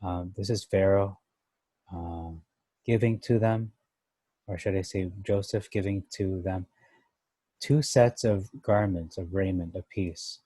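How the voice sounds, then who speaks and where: Speaking slowly in a low, warm voice, a man teaches his way through a chapter of the Bible, musing aloud over each verse and weighing different translations. It's relaxed study commentary with no room sound at all.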